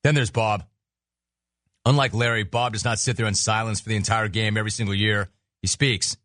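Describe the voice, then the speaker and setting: A man's voice: lowish voice, steady tone, fairly bright tone, dry recording, clean studio sound. A man hosting a sports talk radio show, riffing in a sarcastic, mocking way. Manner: sarcastic, mocking, rapid riffs.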